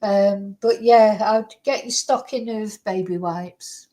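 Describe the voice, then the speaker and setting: A woman's voice: mid-range voice, slow, warm tone, rough recording. A woman hosting a casual livestream chat, rambling and thinking aloud as she talks. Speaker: host.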